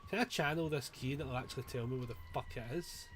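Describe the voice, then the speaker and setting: A man giving live commentary on his own gameplay, swearing freely and breaking into panicked yells. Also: mid-range voice, fast talker, a little hiss or hum. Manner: sweary, excitable, given to panicked yelling. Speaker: streamer.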